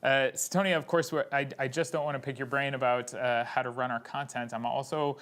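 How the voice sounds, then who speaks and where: A Canadian-accented man hosts a live broadcast desk with playful, teasing banter. He restarts his sentences often as he steers the chat. His voice sits at an ordinary middle pitch. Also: fairly even intonation, fairly quick, a bit bright. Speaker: tournament desk host.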